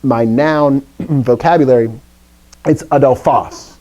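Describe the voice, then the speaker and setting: A man's voice: on the high side, lively intonation, moderate pace, dark tone, lo-fi sound. A middle-aged man teaching a classroom language lesson, explaining rules step by step with jokey asides. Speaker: Greek teacher. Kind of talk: classroom lecture.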